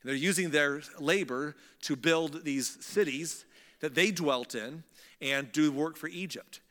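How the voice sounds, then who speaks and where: A man delivers a sermon, retelling a scripture story in a lively, chatty manner. His voice sits a bit high for a man, with a long echo from a large hall. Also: unhurried. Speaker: preacher.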